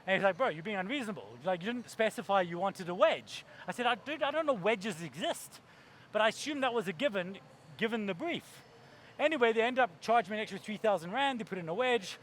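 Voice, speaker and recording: A high-voiced man tells a story on a conference stage. He acts out voices and laughs along the way. A faint hiss of noise sits under the recording. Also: brisk. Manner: animated, acts out voices and laughs while telling stories. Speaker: keynote speaker. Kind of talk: storytelling keynote talk.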